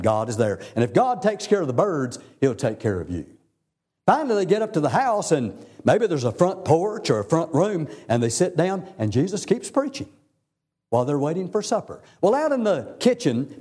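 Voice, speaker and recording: A man's voice: dark tone, breathy edge. A man preaching a sermon, telling Bible stories in a folksy way. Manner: folksy storytelling preacher, swinging pitch for emphasis.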